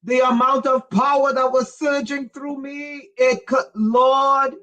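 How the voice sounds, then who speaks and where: A woman spiritual teacher gives an impassioned lecture in a high, steady voice, taking it slowly and getting emphatic and loud at times. Again and again she urges her listeners to listen, and the recording is lo-fi.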